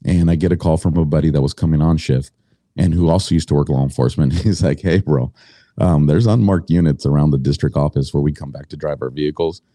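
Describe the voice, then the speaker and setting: A man's voice: rumbling low, steady tone, quick pace, dark tone, no echo, studio quality. A middle-aged man telling his story as a podcast guest, blunt and indignant, swearing freely.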